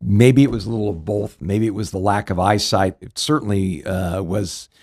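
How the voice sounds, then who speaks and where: A man co-hosting a Bible question show, explaining scripture in a relaxed, rambling way full of fillers. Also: fairly low pitch, moderate pace, no echo, studio quality. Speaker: co-host answering Bible questions. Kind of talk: casual radio Bible Q&A.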